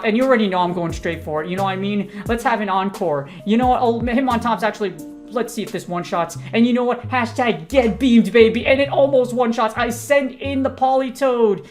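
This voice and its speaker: A woman, a gaming content creator, giving hyped, slangy, joking commentary over her own battle gameplay. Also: on the high side.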